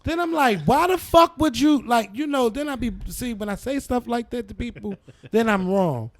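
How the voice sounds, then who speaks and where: High-pitched man, animated gossip. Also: moderate pace, no room sound, clean studio sound. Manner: animated, profane, laughs often, slips into quoting others. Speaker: podcast co-host. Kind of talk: casual chat about TV and celebrity gossip.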